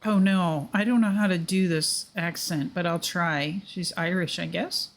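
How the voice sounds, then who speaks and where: A woman's voice: lowish voice, steady tone, unhurried, hardly any pauses, faint music behind. A woman streamer chatting casually while playing a game, with hesitant asides. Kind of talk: casual gameplay chat.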